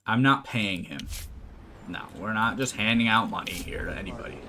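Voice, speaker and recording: A man's voice: on the low side, normal speed, bright, forceful tone. A man casually commenting on a management game, reading its text aloud with wry asides. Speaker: gameplay commentator. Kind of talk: let's play commentary. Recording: faint noise and clicks.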